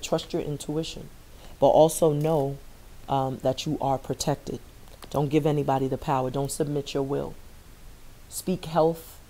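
A middle-aged woman with a low, mellow voice gives a spiritual tarot reading. She stays fairly level and unhurried in pitch, earnest and reassuring, and circles back to repeat key phrases for emphasis. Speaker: tarot reader.

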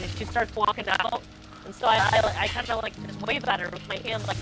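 A woman's voice: fairly high pitch, fairly even intonation, brisk, music in the background, rough recording. A young woman streaming a game, telling a story in a chatty, filler-heavy way. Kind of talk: casual chat while gaming.

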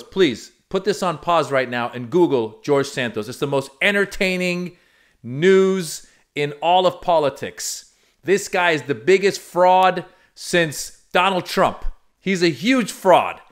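Comedy commentary host: sarcastic, animated man, slightly high voice. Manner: animated, sarcastic, swinging pitch. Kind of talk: comic political commentary.

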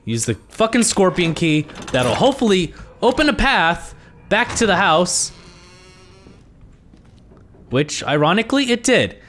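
A man giving let's play commentary as a gaming host, frustrated, swearing constantly and yelling at the game. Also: high-pitched, big pitch swings, measured pace, long pauses, slight background noise. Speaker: gaming YouTuber.

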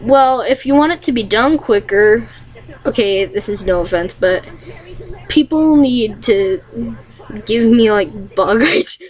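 A young woman imitating a male indie game developer, talking slowly and patiently. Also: on the high side, expressive, rough recording.

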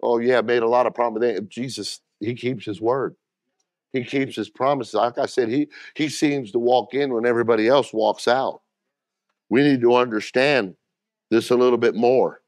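A man's voice: medium pitch, steady tone, normal speed, a little mellow, no room sound, clean studio sound. A middle-aged man preaching a sermon as pastor, talking plainly and directly to the congregation and calling for responses.

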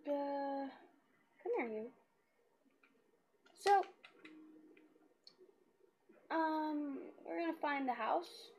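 A woman giving casual, hesitant let's-play commentary in a quiet voice, with lots of ums. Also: high-pitched. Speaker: gamer.

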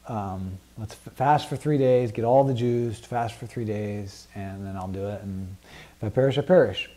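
A man's voice: lowish voice, normal speed, mellow, voice pushed down, natural voice. A man loosely voicing a young queen in casual modern words while retelling a Bible story, anxious but resolved. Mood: worried.

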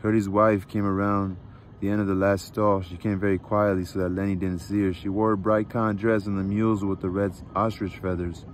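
Guy reading a novel out loud, low voice, calm steady pace. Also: slight background noise. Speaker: reader. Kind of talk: book read aloud.

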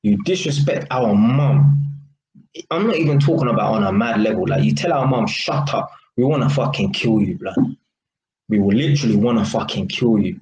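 A man's voice: fairly low pitch, expressive, fairly quick, a little mellow, slight background noise. A young man with a London accent, ranting casually to camera in street slang. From England. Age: young adult. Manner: heated street slang, repeats "innit". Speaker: vlogger. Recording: echoey room with faint ambience.

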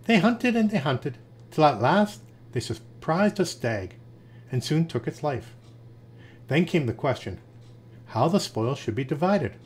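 A man reading fables aloud in a lively storytelling manner. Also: on the high side, unhurried, long pauses.

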